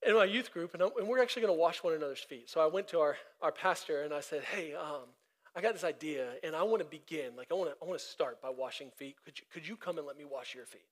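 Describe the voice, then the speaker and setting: Male pastor, high-pitched, emphatic and chatty from the pulpit. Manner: emphatic and conversational, with repetition and side laughs. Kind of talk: sermon.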